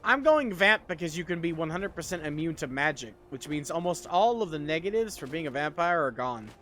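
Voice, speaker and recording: A sleepy man chats loosely on a game livestream, rambling and swearing as he goes. His voice sits slightly high. Faint game music runs underneath. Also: very animated, fairly quick, bright, forceful tone. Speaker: gaming streamer. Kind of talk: casual game livestream chat.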